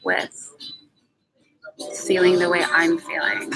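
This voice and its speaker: A woman hosting a live session, talking off the cuff in an emphatic, profane venting style with sudden jumps in pitch. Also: measured pace, pauses often, rough recording. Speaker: livestream host. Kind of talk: unscripted emotional monologue. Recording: music playing behind the voice.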